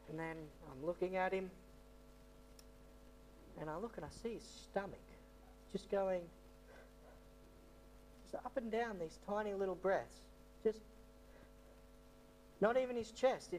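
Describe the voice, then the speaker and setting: A man's voice: sits high, unhurried, long pauses, darkish tone, slight background noise. Rambling man telling a story. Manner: rambling, repeats himself, many fillers. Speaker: missionary. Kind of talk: storytelling testimony talk.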